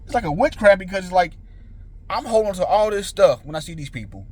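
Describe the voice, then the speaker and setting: A man's voice: high voice, lively intonation, fast talker, a little mellow. A man in his forties hosting a motivational channel, talking earnestly and informally about letting go of emotions. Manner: earnest, repetitive, informal slang. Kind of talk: casual motivational monologue.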